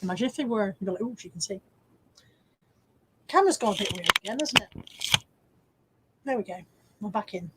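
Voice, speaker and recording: A woman's voice: mid-range voice, expressive, quick pace, pauses often, heavy background noise. A woman hosting a casual live stream, showing car boot finds and reading viewer comments with chatty, self-mocking asides, hiccuping now and then.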